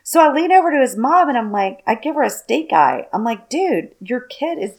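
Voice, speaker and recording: Animated chatty woman. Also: a little high, a little fast, creaky. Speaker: co-host. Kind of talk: casual chat.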